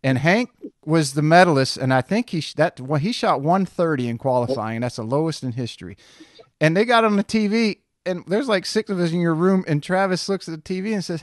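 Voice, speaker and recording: A man's voice: a little high, expressive, a little fast, dry recording, studio quality. A middle-aged man hosting a golf podcast, telling stories in a friendly, chatty way with restarts. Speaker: podcast host. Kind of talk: casual chat.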